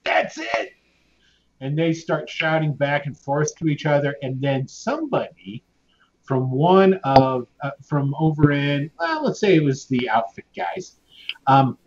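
Rambling game master, muffled noisy audio. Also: male voice, a little high, expressive, measured pace. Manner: casual, rambling with fillers and restarts. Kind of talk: narrating a tabletop game. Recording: muffled lo-fi audio with clear background noise.

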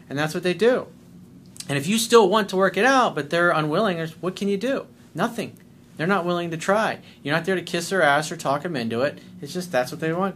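A man's voice: sits high, lively intonation, a little fast, fairly bright tone, slight background noise. A man working as a dating coach, reading out a listener's email and commenting on it bluntly, with swearing, and acting out the quoted lines. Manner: blunt and profane; acts out quoted lines in a shifted voice.

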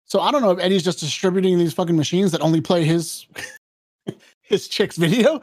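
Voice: mid-range voice, brisk, darkish tone, no room sound. Dry, laid-back podcast co-host. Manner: laid-back storytelling, swearing, frequent laughs. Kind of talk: casual movie-review chat.

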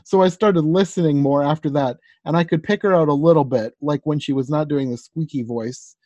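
A woman's voice: low voice, brisk, dark tone, dry recording, muffled recording. A young woman co-hosting a podcast, chatting casually about a movie in a rambling way, full of "like" and small laughs. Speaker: podcast co-host. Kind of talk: casual chat reviewing a movie.

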